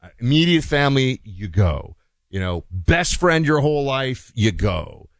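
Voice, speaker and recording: A man's voice: medium pitch, very animated, a little slow, no echo, studio quality. A man hosting a radio talk show, giving a rambling, opinionated monologue full of restarts and quoted asides.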